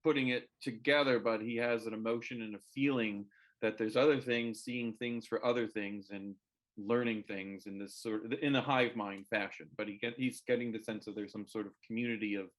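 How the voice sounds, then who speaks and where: A man's voice: on the low side, steady tone, fairly quick. A man playing a tabletop role-playing game, explaining his character's thinking in a rambling, hesitant way with many fillers. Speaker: player.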